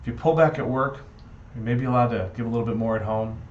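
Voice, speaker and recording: A man's voice: mid-range voice, fast talker, a little hiss or hum. Earnest man telling a playful parable. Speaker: speaker giving a Shabbat reflection. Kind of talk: storytelling reflection. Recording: dull echoey room recording.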